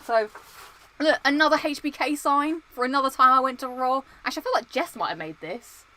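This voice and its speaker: A young woman from Britain chatting casually and excitably, looking through old belongings and coughing now and then from dust. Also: sits high, brisk, low-quality recording. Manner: chatty, excitable, sings entrance themes. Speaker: vlogger. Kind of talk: casual chat.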